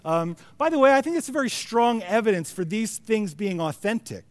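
Man in his forties, preacher, joking, conversational, halting restarts, fairly high voice, dry close sound. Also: big pitch swings, no room sound. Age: 40s. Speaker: pastor. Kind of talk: sermon.

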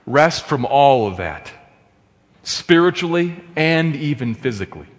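A man preaching a sermon as pastor, swinging between loud emphatic stresses and hushed, quiet asides. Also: medium pitch, big pitch swings, measured pace, big-room sound.

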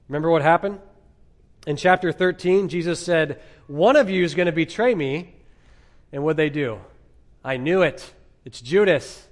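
A man preaching an expository sermon as pastor, emphatic, with dramatic pauses and rhetorical questions. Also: fairly high pitch.

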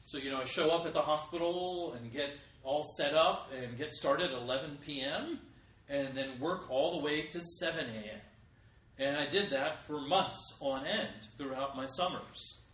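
A man's voice: on the high side, normal speed, a bit bright. A middle-aged man preaching a sermon as pastor, with emphatic rises in volume. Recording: echoey room, voice from a distance.

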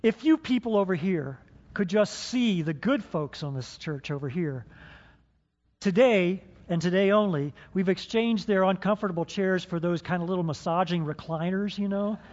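A man's voice: high-pitched, normal speed, a little mellow. A man preaching a sermon to his congregation, playful and dramatic as he stages a role-play with them in a church hall. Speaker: pastor. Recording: dull sound with long hall reverb.

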